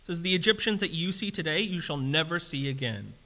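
A man preaches in a casual, conversational manner that turns animated and emphatic. His voice sits high for a man and sounds bright and forceful, and a long reverb trails each phrase through the hall. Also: brisk. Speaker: pastor. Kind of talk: sermon.

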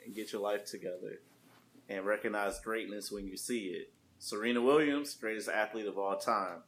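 Joking young man with a low voice. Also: moderate pace, a little hiss or hum. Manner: joking, playful, animated. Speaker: podcast co-host. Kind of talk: casual chat.

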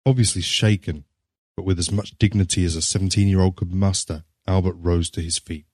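A man narrating a short story in a measured, scripted reading. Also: deep voice, steady tone, a little mellow, no room sound, clean studio sound.

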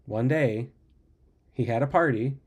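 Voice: mid-range voice, a little slow, slightly rough. Laid-back podcast co-host telling stories. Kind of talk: casual storytelling chat.

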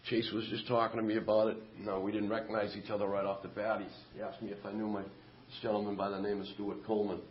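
A man's voice: fairly low pitch, level tone, quick pace, muffled recording, a little hiss or hum. A middle-aged man telling his story at a recovery meeting, candid and self-mocking. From Massachusetts, USA. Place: meeting hall.

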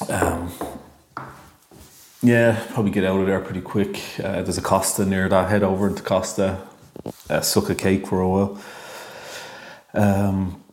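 A man's voice: deep voice, flat delivery, a little slow, long pauses, a little mellow. An Irish man in his thirties telling a rambling, jokey monologue, hesitant and full of ums. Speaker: monologue talker. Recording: echoey room.

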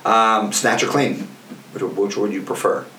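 A man's voice: on the low side, steady tone, unhurried, distant mic, noisy background. A man hosting a casual podcast chat, laid-back and chummy. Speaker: podcast host. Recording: roomy, off-mic with ambience.

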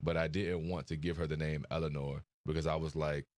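A very deep-voiced young man talks in an interview, slow to find his words and full of fillers. His delivery stays flat and even. The sound is dry and close. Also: no echo. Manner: soft-spoken, hesitant, many fillers. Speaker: interview guest. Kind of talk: emotional interview conversation.

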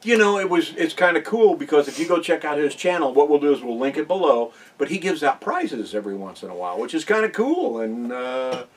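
A man's voice: on the high side, animated, brisk, few pauses, far from the mic, a little hiss or hum. An older man co-hosting a casual chat podcast, dropping joking, teasing asides. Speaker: podcast co-host.

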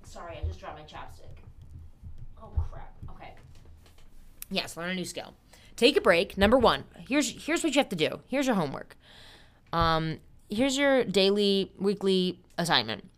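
A woman's voice: medium pitch, sing-song, normal speed, long pauses. A young woman in her twenties hosting a casual solo podcast, talking in a bubbly, chatty way with playful asides and frequent laughs. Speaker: podcast host.

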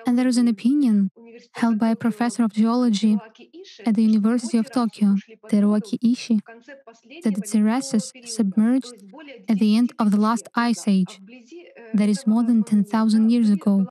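A woman giving a prepared presentation as a panel participant, steady and informative. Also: a little high, moderate pace, low-quality recording.

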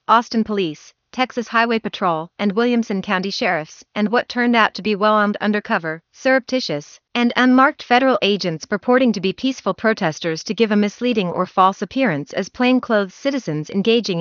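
A woman's voice: medium pitch, a bit bright, dry recording. Woman news reporter from Canada, formal and wordy delivery, dry and slightly muffled sound. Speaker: field reporter.

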